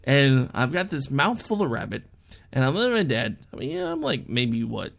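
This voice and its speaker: A young adult man hosts his own talk show in a casual, chatty monologue. His pitch swings widely as he tells stories, and his voice carries a gravelly fry. When he quotes other people, he pushes his voice higher. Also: sing-song, moderate pace, fairly bright tone.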